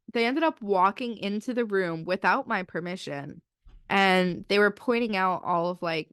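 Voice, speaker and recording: A woman's voice: on the low side, a bit bright, smooth, dry recording, clean studio sound. A young woman in her twenties co-hosting a podcast, telling a personal story in a chatty way, full of "like" and acted-out quotes. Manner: chatty, many "like" fillers, acts out quotes. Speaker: podcast co-host. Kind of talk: casual storytelling chat.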